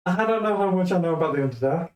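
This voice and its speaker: A man's voice: sits high, expressive, racing, darkish tone, a little hiss or hum. A man with a slightly raised voice, easygoing as he explains things during a tabletop game. His voice echoes in the room. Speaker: player. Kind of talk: in-character game chat.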